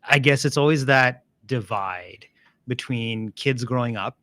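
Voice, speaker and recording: A man hosting a podcast, asking questions in a relaxed, joking conversational way. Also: medium pitch, measured pace. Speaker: podcast host. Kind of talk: casual conversational interviewing.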